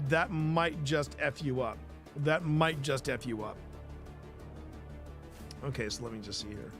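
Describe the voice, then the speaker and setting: A man with a fairly bright, higher-pitched voice hosts a live stream, chatting casually with viewers. He rambles, interrupts himself, and bandies playful banter with the chat.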